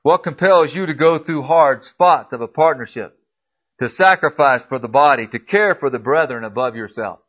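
This pastor's sermon, captured in dull lo-fi sound, moves at a moderate pace with animated energy. He hammers his audience with repeated emphatic questions, shifting from hushed, low asides to loud, climbing appeals.

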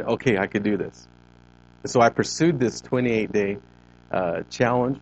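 A man's voice: mid-range voice, normal speed, a little mellow, dull audio. A man in his fifties, a ministry leader, telling a personal story to a group in a gym, acting out the conversations he recalls. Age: 50s. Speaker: ministry leader giving a talk. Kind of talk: personal testimony talk to a group. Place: CrossFit gym.

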